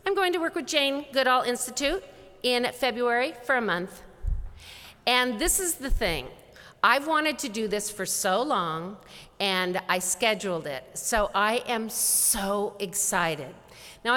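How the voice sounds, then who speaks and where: A woman gives a motivational keynote in a big conference hall, and her bright, forceful voice rings out with a long reverb. She tells stories in an animated way and acts out both sides of each conversation. Her pitch sits a little high for a woman. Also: a little slow. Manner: animated storyteller acting out dialogue. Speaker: conference speaker.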